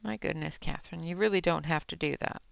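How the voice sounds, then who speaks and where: A woman's voice: deep voice, fast, gravelly, no room sound, muffled recording. A woman hosting a coloring livestream, chatting casually with her viewers as she works, with many fillers and frequent laughs. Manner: chatty, reads and answers chat, laughs often, many fillers.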